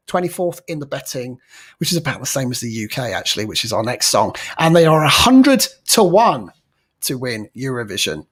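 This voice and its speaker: A man's voice: medium pitch, fairly bright tone, slightly rough. A man hosting a panel show, playful and upbeat as he presents. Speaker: host.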